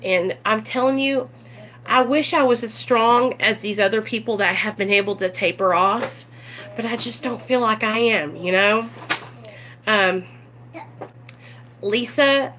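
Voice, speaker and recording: A woman's voice: on the high side, unhurried, long pauses, a bit bright. A woman talking casually to her viewers on a livestream, earnest and rambling with plenty of ums and you-knows. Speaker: recovery vlogger.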